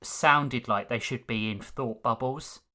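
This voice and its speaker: Bright-voiced chatty male co-host. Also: mid-range voice, takes it slowly, slight background noise. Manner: chatty, animated, acts out quotes. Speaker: podcast co-host. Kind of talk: casual chat.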